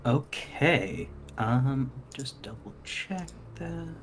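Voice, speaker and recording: A man narrating as dungeon master in an online tabletop game, easygoing and quick to laugh. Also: medium pitch, lively intonation, a little hiss or hum.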